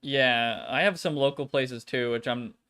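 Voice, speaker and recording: A man's voice: medium pitch, a little slow, a bit bright, clean tone. A man streaming a video game and chatting casually, rambling, swearing often and laughing easily. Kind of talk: casual chat.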